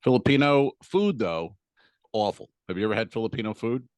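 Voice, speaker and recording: Blunt low-voiced man teasing on a podcast. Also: expressive, a little fast, no room sound. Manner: blunt, teasing, sweary banter. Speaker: podcast co-host. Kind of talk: casual comedy chat. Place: home in Tampa area. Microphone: video call.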